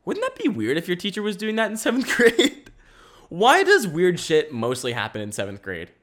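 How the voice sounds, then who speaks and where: A man's voice: sits high, very animated, moderate pace, fairly bright tone. A young man hosting a casual solo podcast from home, rambling with restarts and swearing. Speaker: podcast host. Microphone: camera mic.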